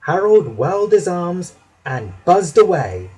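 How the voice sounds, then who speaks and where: A man reads a children's storybook aloud at a slow, unhurried pace. His voice sits a little high and moves up and down expressively as he tells the story. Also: big pitch swings, warm tone, poor audio. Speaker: storybook narrator.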